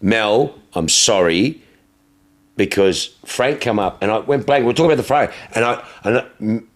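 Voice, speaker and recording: A man co-hosting a podcast, telling a story in casual chat with lots of swearing and restarts. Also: fast. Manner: swears freely, restarts, gets louder and higher as the story builds. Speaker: podcast co-host.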